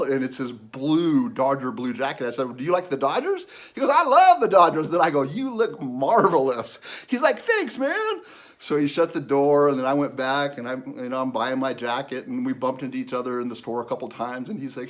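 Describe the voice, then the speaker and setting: A man in his fifties, telling an earnest personal faith story with lively quoted dialogue. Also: medium pitch. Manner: earnest, animated when quoting others. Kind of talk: personal testimony.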